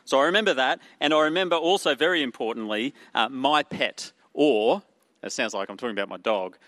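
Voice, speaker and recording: A man's voice: medium pitch, quick pace, a bit bright, no echo. Australian man preaching a sermon, dry sound. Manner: earnest, uses rhetorical questions and fillers.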